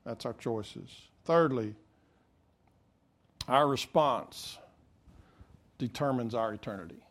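A man's voice: medium pitch, slow. A man preaching a sermon as pastor, earnest and rising to emphatic peaks.

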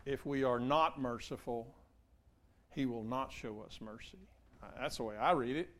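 A man's voice: medium pitch, moderate pace, fairly bright tone. A male pastor preaching a sermon in an earnest way, repeating key phrases and speaking straight to his congregation.

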